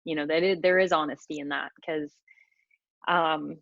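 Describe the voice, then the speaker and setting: A woman's voice: sits low, steady tone, moderate pace, gravelly, fairly bright tone, no room sound. A woman interviewer asking questions in a casual, encouraging way. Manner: encouraging, with affirming backchannels. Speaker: interviewer, coach channel host. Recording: dull, dry lo-fi sound.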